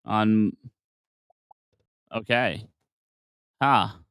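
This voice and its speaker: A man's voice: mid-range voice, measured pace, pauses often, sharp tone, smooth, no room sound. A man reading game dialogue aloud during a playthrough, shifting between character voices.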